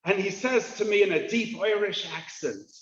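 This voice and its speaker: Man, rabbi, high voice, slow and jovial, lo-fi hall recording. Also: lively intonation, a bit bright. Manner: jovial storyteller, joking with the audience. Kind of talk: humorous inspirational address. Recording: roomy, dull lo-fi hall recording.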